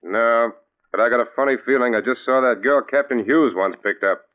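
A plain-spoken male beat cop played by an actor talks slowly and simply in a 1940s radio drama. The old broadcast sounds thin and tinny. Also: medium pitch, lightly acted. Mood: puzzled.

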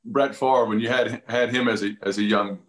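A man's voice: lowish voice, steady tone, moderate pace, fairly bright tone. A man hosting a casual interview podcast, asking easygoing questions with a few restarts. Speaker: podcast host.

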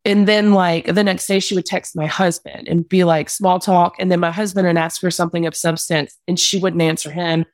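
A woman's voice: lowish voice, flat delivery, moderate pace, few pauses, no echo. Candid woman telling a painful story. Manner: candid, rambling, frequent "like". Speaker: guest. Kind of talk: emotional personal account.

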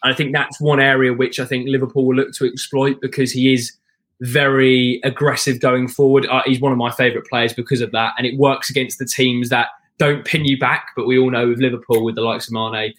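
A man talking as a guest in casual podcast chat, long-winded, with frequent restarts and throat clearing. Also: medium pitch, flat delivery, fairly quick, a bit bright. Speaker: guest football fan.

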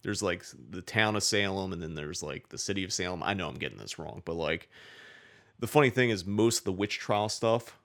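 A man's voice: deep voice, lively intonation, brisk, vocal fry, a bit bright. A man casually telling a long, rambling story, cursing often and filling his talk with "like". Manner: rambling, profane, many "like" fillers.

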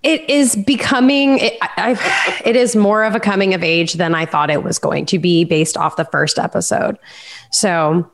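A woman on a casual podcast panel who talks in a chatty way and laughs easily. She often stops and restarts as she shapes her thoughts. Her voice sits slightly low for a woman. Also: fairly even intonation, moderate pace. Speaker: podcast co-host. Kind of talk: casual chat.

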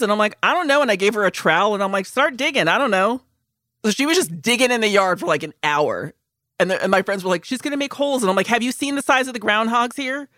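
A woman co-hosting a podcast, chatting casually and acting out the voices in her own stories. Her pitch leaps up and down with energy, and she swears freely. The sound is close and dry, with no room around it. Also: no room sound. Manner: animated storyteller, swears freely, acts out quotes. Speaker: podcast co-host. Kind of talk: casual chat.

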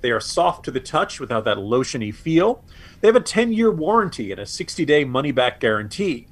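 A man's voice: medium pitch, very animated, a little fast, slightly rough. A man co-hosting a political podcast, sarcastic and exasperated, often stammering and restarting. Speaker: co-host.

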